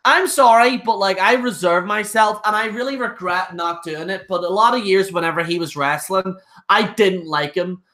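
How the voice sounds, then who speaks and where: A man's voice: sits high, normal speed, pushed and bright. A young man ranting casually on a live stream, blunt and rambling, with frequent restarts. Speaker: wrestling show reviewer.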